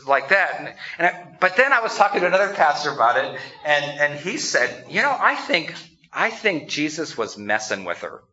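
A man's voice: on the high side, big pitch swings, moderate pace, background noise. A man preaching a conversational sermon, acting out quotes and laughing along as he tells the story. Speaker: pastor. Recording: dull lo-fi sound.

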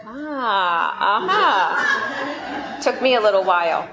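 A woman's voice: a little high, very animated, slow, a crowd in the background. Sarcastic New Yorker woman preaching. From New York. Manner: storytelling with playful sarcasm. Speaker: pastor. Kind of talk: sermon. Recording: echoey room, slightly dull sound.

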